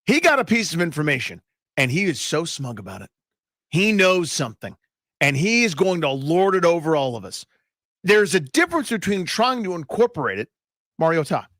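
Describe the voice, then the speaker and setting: A man's voice: a little high, sing-song, brisk, fairly bright tone, no room sound, studio quality. A man co-hosting a sports radio show, chatting casually and arguing his points firmly. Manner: emphatic, opinionated.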